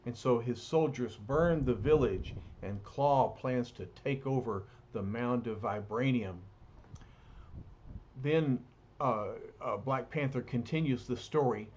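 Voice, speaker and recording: A man casually reading a comic book aloud, retelling the story in a halting way with many fillers. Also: mid-range voice, a little mellow, slight background noise. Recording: dull lo-fi recording.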